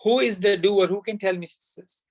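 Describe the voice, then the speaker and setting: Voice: mid-range voice, normal speed, no echo, dull audio. An Arabic teacher giving an online class lesson, who explains step by step, quizzes the students and sprinkles in devout phrases.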